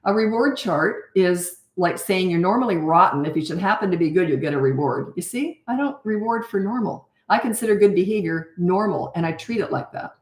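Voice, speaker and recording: An older woman coaching parents in a blunt, animated way, answering questions and acting out how to talk. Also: fairly low pitch, a little fast, hardly any pauses, roomy sound. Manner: blunt, animated, acts out parent and child voices.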